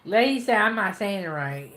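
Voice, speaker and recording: A woman's voice: mid-range voice, lively intonation, normal speed, fairly bright tone. A woman hosting her cooking channel, chatting casually and playfully, laughing at herself and tired after eating. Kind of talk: casual chat to camera.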